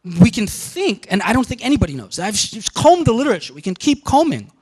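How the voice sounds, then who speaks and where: A man giving a university lecture, animated and often checking in with the class. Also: high voice, fairly quick, breathy edge, low-quality recording.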